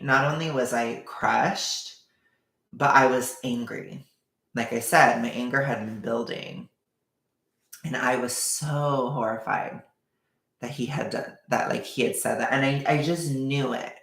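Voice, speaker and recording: Man, storytime vlogger, gravelly fry in his voice, echoey room, candid and emotional. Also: medium pitch, steady tone, measured pace, fairly bright tone. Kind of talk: storytime vlog.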